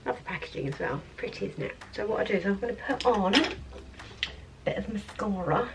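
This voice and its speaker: A woman vlogger chatting in a rambling way through a makeup tutorial at her office, sometimes dropping to soft murmurs. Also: medium pitch, lively intonation, a little fast. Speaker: beauty vlogger. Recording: mic at a distance, faint background music.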